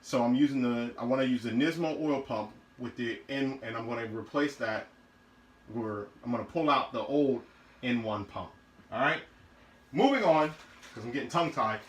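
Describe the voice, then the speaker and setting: A man's voice: medium pitch, normal speed, reverberant, rough recording. A man casually showing car parts in his garage, talking loosely with many fillers and restarts. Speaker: car build vlogger.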